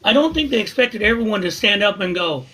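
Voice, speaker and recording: High, bright, husky-voiced panelist man. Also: lively intonation, fast talker, poor audio. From Southern California. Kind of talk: casual live podcast talk.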